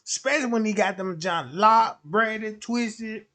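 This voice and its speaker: A man's voice: high voice, a little slow, pushed and bright. A man streaming a casual, rambling monologue, slangy and full of repeated fillers.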